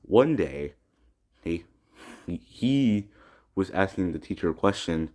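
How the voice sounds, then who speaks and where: A teenage boy vents in an agitated personal vlog, his voice sitting very low. He often restarts his words and swears heavily as he goes. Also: expressive, slow pace, dark tone. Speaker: student vlogger. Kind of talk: upset personal vlog rant.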